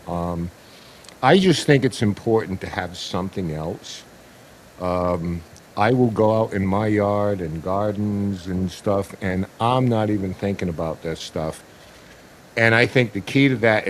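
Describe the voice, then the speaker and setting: A man hosting a podcast, chatting casually and telling stories with a teasing, animated manner. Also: sits low, slight background noise. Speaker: podcast host. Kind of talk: casual chat.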